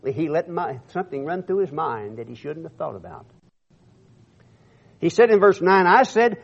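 High-voiced man preaching from scripture. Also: big pitch swings, moderate pace, vocal fry, long pauses, slightly rough, muffled recording. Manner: declaiming scripture with rising force, stammering repeats. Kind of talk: sermon reading scripture with commentary.

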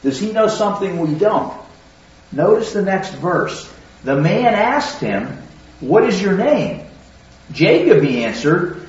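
A man's voice: high voice, very animated, takes it slowly, a little mellow. A man preaching a sermon in a conversational, teaching way, often putting questions to his listeners. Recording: very echoey hall, distant mic, dull sound.

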